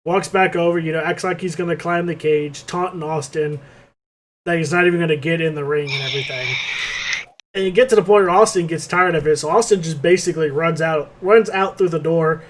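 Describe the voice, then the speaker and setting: A man's voice: fairly high pitch, fairly quick, slight background noise. A man co-hosting a podcast, telling a rambling, profane play-by-play recap in casual chat. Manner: rambling play-by-play, swears freely. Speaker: podcast co-host.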